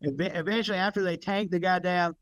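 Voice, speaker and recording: A man's voice: high-pitched, steady tone, fast talker, fairly bright tone, no room sound. A man co-hosting a podcast in casual political chat, rambling and swearing often as he loses and finds his thread. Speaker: podcast co-host.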